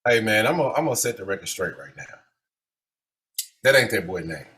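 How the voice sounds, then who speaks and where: A podcast co-host, ranting animatedly in casual sports chat with big swings in loudness. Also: male voice, lowish voice, very animated, brisk, slight background noise.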